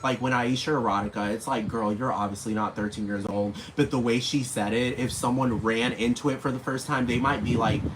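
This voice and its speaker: Vlogger man, off-the-cuff profane rant, mid-pitched voice, steady background noise. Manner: rambling, profane, talks straight at his targets. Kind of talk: casual rant to camera. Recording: noisy background hiss.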